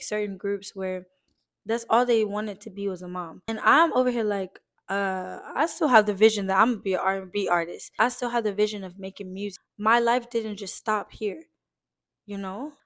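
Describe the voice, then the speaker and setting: Earnest young woman, tearful encouragement. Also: mid-range voice. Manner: earnest, emotional, on the verge of tears; casual, uses fillers like "like" and swears lightly. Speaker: vlogger. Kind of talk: heartfelt encouraging vlog talk.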